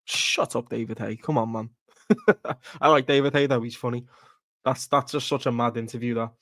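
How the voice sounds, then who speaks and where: A man chats on a live football watchalong stream. He rants bluntly, swears freely and laughs at his own points. His mid-pitched voice sounds dry and close to the mic. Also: steady tone, normal speed, a bit bright, no echo. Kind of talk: casual live stream chat.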